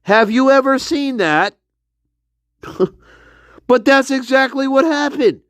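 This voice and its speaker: A man's voice: very high-pitched, slow pace, fairly bright tone, no room sound. A man delivering an angry, profane monologue, mocking someone with scornful laughs. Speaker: commentator.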